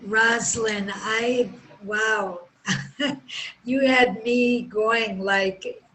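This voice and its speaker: A woman on a video call speaks in an extremely slow, drawn-out way, effusive and moved. A faint hum of room noise sits behind her voice. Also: fairly high pitch, steady tone, fairly bright tone, low-quality recording. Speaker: meeting participant.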